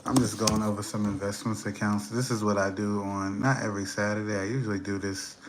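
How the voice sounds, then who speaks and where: A relaxed man talks loosely into his stream from a home kitchen, chatting and rambling as he reads comments. His voice sits fairly low, with a faint hiss of noise behind it. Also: brisk. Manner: relaxed, rambling, talks while reading chat and browsing. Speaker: livestream host. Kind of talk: casual live-stream chat. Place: home kitchen, sitting at a computer.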